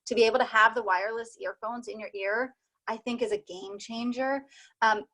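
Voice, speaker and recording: A woman's voice: fairly high pitch, fairly even intonation, a little fast, fairly bright tone, low-quality recording. A woman doula chatting casually over a video call, talking with lots of fillers. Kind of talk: casual group chat.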